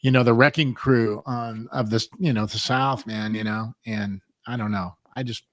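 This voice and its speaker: A man's voice: medium pitch, fairly even intonation, moderate pace, dry recording, clean studio sound. A man hosting a podcast, telling long rambling stories in casual chat and laughing often. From US West Coast. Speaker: podcast host.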